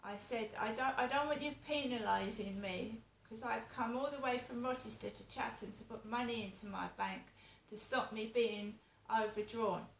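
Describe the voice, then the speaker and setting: A woman's voice: on the high side, steady tone, moderate pace, vocal fry, few pauses. Indignant woman ranting. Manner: indignant, repetitive complaining, swears. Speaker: vlogger. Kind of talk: casual ranting monologue. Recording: echoey room with faint ambient noise.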